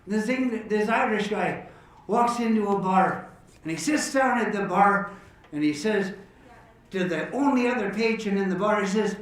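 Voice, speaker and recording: A man entertaining an audience, telling jokes and stories in a lively, animated way. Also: high voice, normal speed. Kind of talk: joke telling and storytelling to an audience. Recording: echoey hall, distant mic, faint guitar.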